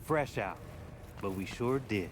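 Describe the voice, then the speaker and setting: A man's voice: lively intonation, takes it slowly, noisy background. An actor playing a wry male arms dealer in a video game, with a dry, joking delivery. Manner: dry, joking sales pitch.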